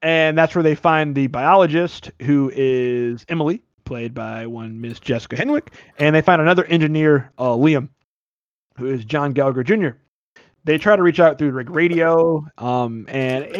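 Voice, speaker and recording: A man's voice: on the high side, normal speed, no room sound, lo-fi sound. A man hosting a podcast, rambling and joking in a casual movie review chat. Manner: rambling, joking, self-deprecating. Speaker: podcast host.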